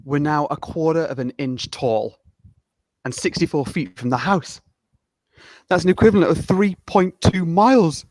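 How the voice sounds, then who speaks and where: A man's voice: a little high, moderate pace, darkish tone, no echo, natural voice. A man reading a film scene aloud, voicing an earnest young male scientist. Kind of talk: reading a film scene over a video call.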